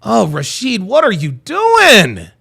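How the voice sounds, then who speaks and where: A man's voice: high-pitched, huge pitch swings, slow pace, vocal fry, pushed and bright, breathy edge. A man hosting a livestream, reacting to a video and reading chat, profane and repeating himself in disbelief.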